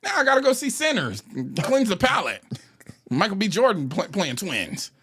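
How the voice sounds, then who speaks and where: A man with a fairly high voice that swings widely up and down. He talks in a loose, profane, animated way, laughing often as he rants on a podcast. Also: moderate pace, slightly rough. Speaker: podcast co-host. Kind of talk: casual comedic chat.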